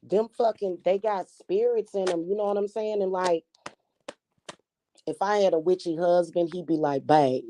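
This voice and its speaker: A woman's voice: fairly low pitch, steady tone, moderate pace, warm tone. A woman talking casually to camera, brash and profane, about witchcraft and spirit work. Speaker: spiritual reader and vlogger.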